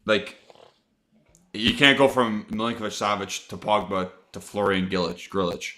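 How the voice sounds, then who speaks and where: A man's voice: fairly low pitch, normal speed, sharp tone. A man co-hosting a casual football podcast, giving blunt opinions and correcting himself mid-sentence. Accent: American. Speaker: podcast co-host.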